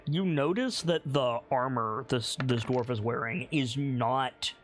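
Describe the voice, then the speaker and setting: A man narrating as game master of a tabletop game, unhurried, with many pauses and restarts. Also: mid-range voice.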